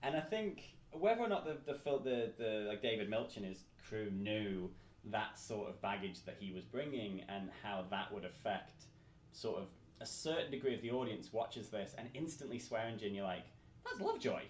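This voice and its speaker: A man, chatting casually as a podcast host, animated and swearing as he acts out quotes. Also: on the low side, normal speed. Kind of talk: casual chat. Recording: roomy echo, faint room noise.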